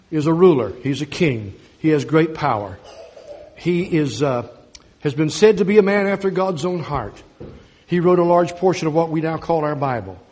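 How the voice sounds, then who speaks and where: A man preaching a sermon, declaiming scripture slowly and swinging from loud emphasis to quiet intensity. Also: fairly high pitch.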